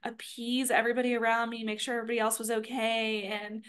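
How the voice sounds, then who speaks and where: A young woman with a somewhat high voice tells a personal story. She talks casually and chattily, scattering "like" and "um" through her sentences. The delivery is loose and conversational. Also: flat delivery, fast, fairly bright tone. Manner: chatty, filler-heavy, with frequent "like". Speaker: spiritual content creator.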